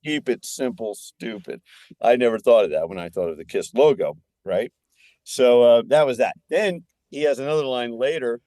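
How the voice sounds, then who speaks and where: Older male guest, excitable anecdote-teller, mid-range voice, dry recording. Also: mid-range voice, moderate pace, dry recording. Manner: animated, excitable storyteller. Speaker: guest filmmaker. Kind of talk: casual podcast chat.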